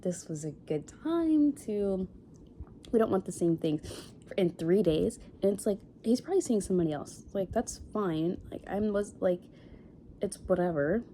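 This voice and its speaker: A woman's voice: mid-range voice, moderate pace, mellow, slight background noise. A young woman in her twenties telling a dating story in a casual vlog, rambling with lots of fillers and sniffling after crying. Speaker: vlogger.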